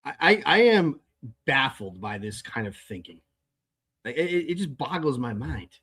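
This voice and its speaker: On his own show, a man rants through a long story, exasperated and profane, often saying the same words over again. He speaks at normal speed in a medium-pitched, very animated voice with a sharp tone and a breathy edge, a casual monologue from a podcast host.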